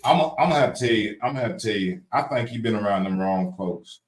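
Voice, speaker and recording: A man's voice: fairly low pitch, animated, fast, echoey room, noisy background. A man with a Louisiana country accent in casual chat, playful and emphatic, repeating his points.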